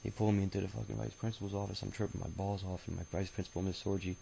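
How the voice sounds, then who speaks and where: A man in his thirties tells his own life story as a casual spoken memoir, rambling, profane, and packed with filler sounds. His deep, dark-toned voice has vocal fry and little pitch movement, and he races along. The recording is rough, with a slight hiss or hum.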